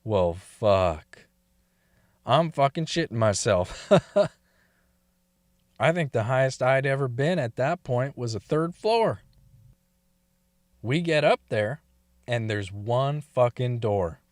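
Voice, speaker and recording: A man's voice: medium pitch, animated, slow pace, pauses often, no echo, studio quality. A man telling a story in a casual, crude way, swearing and laughing often between lines.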